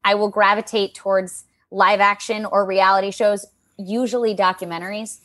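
An expressive young woman, a voice actor, chats as an interview guest. She tells her stories with animated energy and slips into lively quoted asides. Her voice sits at an ordinary middle pitch. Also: normal speed. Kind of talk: casual interview chat.

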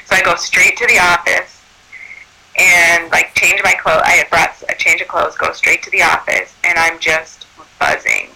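A man who works as a birth doula tells a personal story in an animated way, acting out what people said. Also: on the high side, normal speed, gravelly, breathy edge, poor audio. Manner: animated, acts out quoted speech.

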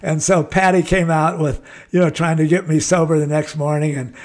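A man's voice: on the high side, little pitch movement, moderate pace, a little mellow. Older American man spinning a salty yarn. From United States. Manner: rambling, salty, laid-back raconteur. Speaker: guest. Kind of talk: casual storytelling.

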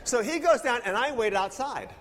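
High-voiced pastor guy telling stories in his sermon, big echoey room. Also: normal speed. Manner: animated storyteller, acts out dialogue. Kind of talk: sermon with personal storytelling.

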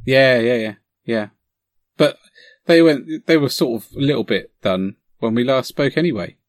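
Casting: excitable man, podcast co-host, dry close sound. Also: medium pitch, normal speed, dry recording. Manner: enthusiastic, rambling with fillers. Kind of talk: casual chat.

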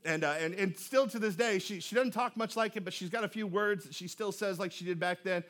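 A man preaching a sermon, his voice sitting noticeably high for a man. He keeps it loose and conversational, cracking jokes and often restarting his sentences with repeated words. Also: fairly quick, fairly bright tone. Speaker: pastor. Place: church auditorium.

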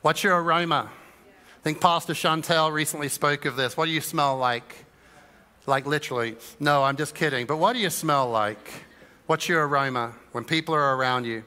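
A man's voice: a little high, moderate pace, sharp tone. A man preaching a sermon as pastor, conversational and humorous, acting out little voices of his listeners. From England. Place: church auditorium. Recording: church hall reverb.

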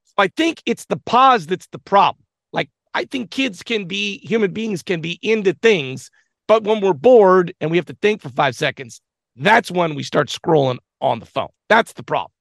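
Sarcastic man with a gravelly, lively voice. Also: high voice, moderate pace, dry recording, clean studio sound. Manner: sarcastic, animated. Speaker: podcast co-host. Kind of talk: casual podcast chat.

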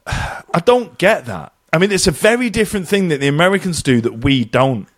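Animated man ranting. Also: a little high, moderate pace. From England. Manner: animated, swearing, tongue-in-cheek rants with put-on quotes. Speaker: podcast co-host living in Ireland. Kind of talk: casual podcast chat.

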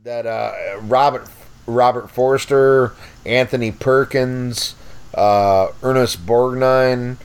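Man, 50s, podcast guest, swears a lot, rambling stories, medium pitch. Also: steady tone, takes it slowly, smooth. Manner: profane, rambling, blunt. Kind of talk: casual storytelling.

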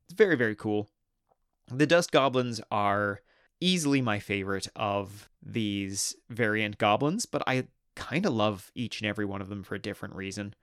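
A man's voice: fairly low pitch, moderate pace, a bit bright, dry recording, studio quality. A man hosting a hobby history video, narrating in an enthusiastic, conversational way. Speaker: host.

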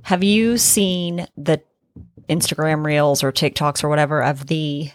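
A woman from Oklahoma co-hosting a podcast in casual chat, talkative and quick to laugh. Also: low voice, fairly even intonation, dry recording, studio quality. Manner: chatty, restless, quick to laugh. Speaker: podcast co-host.

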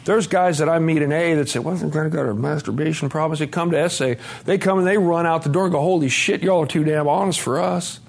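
A man giving a candid personal testimony at a conference, dropping to a hush and then rising loud and laughing. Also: a little high, fast, vocal fry, hardly any pauses. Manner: candid, swings between hushed and loud, laughing. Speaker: speaker sharing his recovery story. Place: conference hall.

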